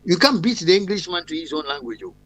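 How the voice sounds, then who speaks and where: A man's voice: high-pitched, animated, fast talker, fairly bright tone, poor audio. An older man with a Ghanaian accent, a guest telling long rambling stories with many fillers and restarts. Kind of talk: live-stream discussion.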